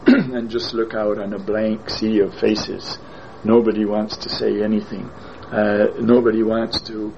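A man preaches a sermon at a very unhurried pace, leaning on repeated phrases. His voice sits low. The recording is a little dull and lo-fi, with faint room ambience behind him. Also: gravelly, a little mellow, a little hiss or hum. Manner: slow, deliberate delivery with repeated phrases.

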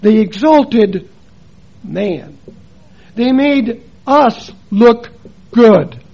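Husky high-voiced male preacher. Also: lively intonation, drawn-out words, dull audio. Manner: storytelling, switches between quiet and emphatic. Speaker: preacher and missionary. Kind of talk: sermon with personal stories.

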